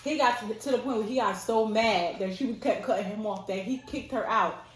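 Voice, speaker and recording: A woman's voice: mid-range voice, a little fast. A woman in her thirties casually telling a story, acting out quotes and laughing often. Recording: echoey room with faint noise.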